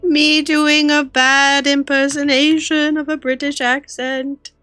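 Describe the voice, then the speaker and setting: A woman's voice: high-pitched, little pitch movement, slow, sharp tone, no room sound, faint music behind. A woman streamer chatting casually with her viewers while drawing, giggly and teasing. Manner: giggly, playful, teasing banter.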